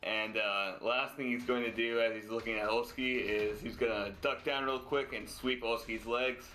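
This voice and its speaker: A man's voice: mid-range voice, fairly even intonation, normal speed, pushed and bright, soft background music. A man playing in a live-streamed tabletop game, laying out his character's moves matter-of-factly.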